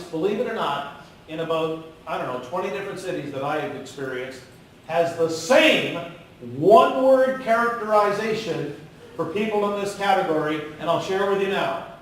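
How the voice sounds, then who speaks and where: A man giving a live motivational business talk in a large room, animated and coaxing the audience to call out answers. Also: high-pitched, slight background noise. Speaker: keynote speaker. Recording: very echoey hall, far from the mic.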